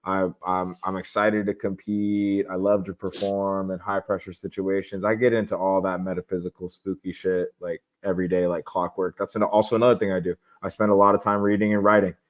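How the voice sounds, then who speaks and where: Low, flat-voiced man talking candidly. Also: a little fast, few pauses. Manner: relaxed, candid, rambling with restarts. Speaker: podcast guest, jiu-jitsu competitor. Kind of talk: casual interview talk.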